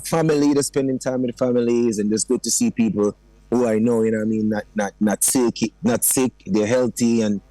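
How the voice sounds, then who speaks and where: A man with a Jamaican accent, a dancehall artist in a radio interview, who talks in an animated way, slips into patois and keeps saying "you know what I mean". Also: medium pitch, fairly quick, dry recording, poor audio. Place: radio studio.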